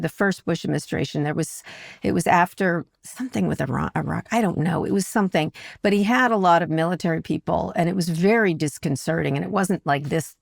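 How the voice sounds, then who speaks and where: A woman's voice: fairly low pitch, gravelly, no room sound, clean studio sound. A woman in her sixties co-hosting a podcast in a blunt, opinionated casual chat. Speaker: podcast co-host.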